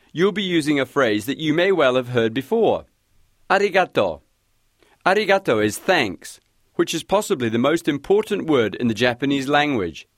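A man hosting a scripted language lesson, guiding listeners clearly and encouragingly. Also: a little high, no room sound, studio quality. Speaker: language teacher host.

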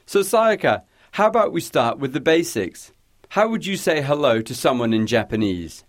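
A man hosting a scripted language lesson, guiding listeners clearly and encouragingly. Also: medium pitch, big pitch swings, normal speed, no echo, studio quality. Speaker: language teacher host.

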